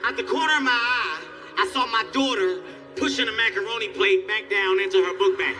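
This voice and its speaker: A man doing profane, animated stand-up storytelling on stage, jumping into squealing character voices. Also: very high voice, fairly quick, music in the background. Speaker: stand-up comedian. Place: comedy stage.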